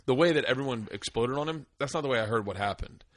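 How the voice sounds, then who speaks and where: A man's voice: mid-range voice, quick pace, no room sound, studio quality. Profane, rambling male comedian. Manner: rambling storyteller, profane, animated impressions. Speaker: podcast host, stand-up comedian. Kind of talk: casual chat. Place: home man cave.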